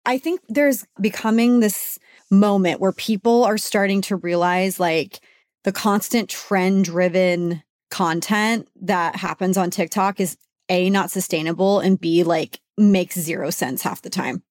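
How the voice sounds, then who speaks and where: A woman co-hosting a beauty podcast as a beauty editor, chatting casually in an animated way. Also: medium pitch, measured pace, dry recording, studio quality. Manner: chatty and animated, mimics others with exaggerated voices.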